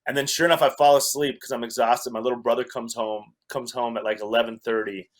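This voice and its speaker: A man's voice: medium pitch, fairly even intonation, fast talker. A man telling a long personal story as a podcast guest, wry and self-mocking, often laughing at himself. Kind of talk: storytelling in a casual chat.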